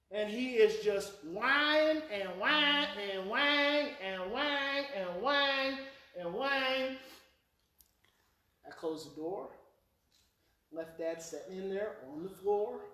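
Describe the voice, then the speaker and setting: High-voiced man telling a story in an echoey hall. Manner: animated storyteller, mimics a screaming child and repeats phrases. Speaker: parenting speaker. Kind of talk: live presentation storytelling. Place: hall with a live audience. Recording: echoey hall, speaker heard from far off.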